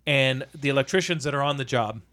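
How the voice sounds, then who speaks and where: A man who works as a construction supervisor tells a work story in casual chat, animated, exasperated and full of swearing. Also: mid-range voice, fast. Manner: profane, exasperated, animated retelling.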